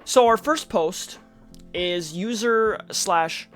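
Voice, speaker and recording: A man's voice: high voice, lively intonation, normal speed, fairly bright tone, faint music behind. A man streaming casual reddit reaction commentary, chatty with sarcastic asides, reading posts aloud in a mocking tone.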